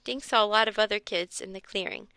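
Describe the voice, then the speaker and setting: A woman's voice: medium pitch, fast talker, sharp tone, clear, resonant tone, no echo. A woman reading a children's chapter book aloud with expression, raising her voice for the kids' lines. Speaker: storyteller.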